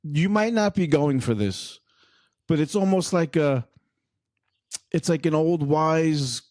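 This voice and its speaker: A man's voice: on the high side, expressive, slow pace, a little mellow, no echo, studio quality. A man hosting a podcast and interviewing a guest in an easygoing, chummy way. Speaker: podcast host. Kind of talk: casual interview chat.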